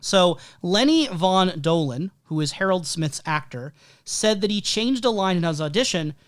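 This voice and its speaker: A man's voice: high-pitched, expressive, normal speed, a bit bright. A man co-hosting a casual podcast discussion, talking through ideas analytically and reading quotes aloud. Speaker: podcast co-host.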